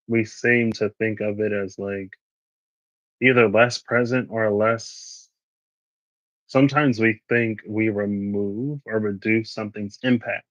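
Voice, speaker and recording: A man's voice: on the low side, fairly bright tone, no echo, low-quality recording. A man reading tarot for a casual vlog, chatting and musing as he reads card meanings aloud. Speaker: tarot reader.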